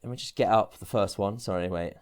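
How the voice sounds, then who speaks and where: A man's voice: fairly low pitch, quick pace, clear, resonant tone. Giggly, hesitant man podcast host. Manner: giggly, hesitant, lots of restarts. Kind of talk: casual chat.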